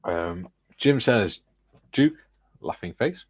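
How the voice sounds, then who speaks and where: Low-voiced man reading out chat. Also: lively intonation, slow, breathy edge, no echo. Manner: reads viewer chat messages aloud. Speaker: livestream host. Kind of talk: casual live chat.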